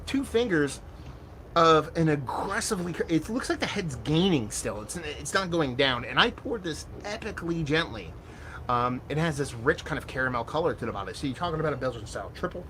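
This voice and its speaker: A man giving a casual, animated beer tasting review, excitable and self-mocking, with loose cursing. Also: a little high, brisk.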